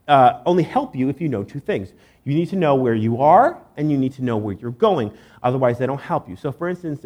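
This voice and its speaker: A man giving a sermon in church, conversational and joking, with many fillers. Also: fairly high pitch. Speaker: pastor.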